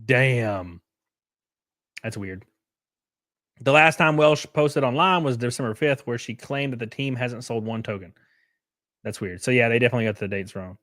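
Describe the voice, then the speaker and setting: A man's voice: mid-range voice, moderate pace, pauses often, fairly bright tone, dry recording, clean studio sound. A man hosting a casual livestream, reading chat and news aloud with sarcastic, swearing reactions, sounding worn out and short of breath. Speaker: streamer host.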